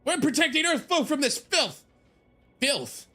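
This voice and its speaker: A man voicing a rowdy, hotheaded teenage boy in a video game, yelling indignantly in a high, strained voice. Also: sing-song, measured pace, faint music behind, exaggerated voice.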